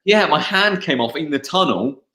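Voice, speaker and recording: Man, English accent, young adult, casual and halting, echoey room. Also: on the high side, animated, sharp tone. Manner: chatty, laughing, halting with fillers. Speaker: motocross racer, guest. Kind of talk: live online interview, casual chat.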